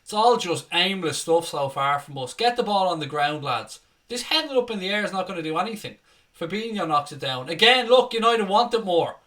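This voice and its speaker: A man's voice: on the high side, animated, a little fast, fairly bright tone. A young man giving live fan commentary on a football match, calling the play and breaking into angry, sweary rants. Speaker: fan watchalong host.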